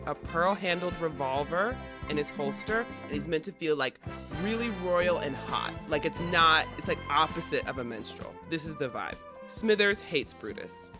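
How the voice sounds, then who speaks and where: A man hosting a podcast, retelling a historical play in a chatty, animated way. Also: a little high. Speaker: podcast host. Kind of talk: casual storytelling of history.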